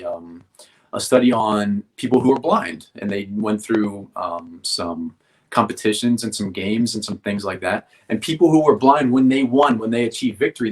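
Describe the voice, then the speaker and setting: A man teaching athletes in a motivational coaching style, explaining step by step and often checking in with "right?". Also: fairly low pitch.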